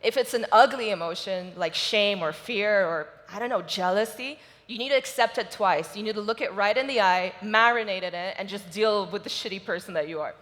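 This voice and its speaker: A woman's voice: medium pitch, fairly quick, hardly any pauses, a bit bright. A woman giving a motivational stage talk at a conference, telling a personal story with open emotion. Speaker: conference speaker. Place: large conference hall stage. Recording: reverberant conference hall.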